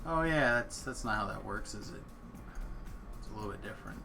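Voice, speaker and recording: A man's voice: on the low side, brisk, creaky, loud music behind the voice. A man streaming a game and chatting casually, telling stories with lots of laughter. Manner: animated storyteller, laughs often. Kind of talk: casual chat while gaming.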